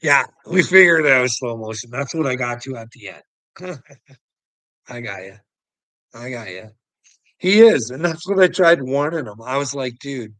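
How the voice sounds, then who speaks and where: A man's voice: medium pitch, fairly bright tone, no echo, rough recording. A man hosting a casual livestream, ranting profanely and rambling, laughing often as he talks. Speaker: livestream host.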